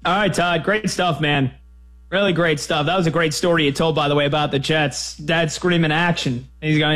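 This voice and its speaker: A man hosting sports talk radio with a slightly higher voice, energetic and conversational. He talks in a brisk, chatty way and throws in quick asides between calls.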